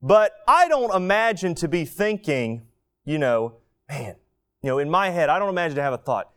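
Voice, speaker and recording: Animated, higher-voiced male preacher. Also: brisk. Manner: animated storytelling, acting out quoted voices. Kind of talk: sermon.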